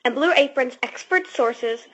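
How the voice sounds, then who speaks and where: A woman's voice: high-pitched, a little slow, muffled recording. A woman reading a sponsor ad with her father, teasing him. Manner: teasing, giggly. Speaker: daughter reading an ad.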